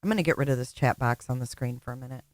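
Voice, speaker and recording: A woman's voice: rumbling low, very fast, darkish tone, no room sound. A woman hosting a commentary channel, making blunt, sarcastic, profane remarks about a livestream she is playing. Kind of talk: casual reaction commentary.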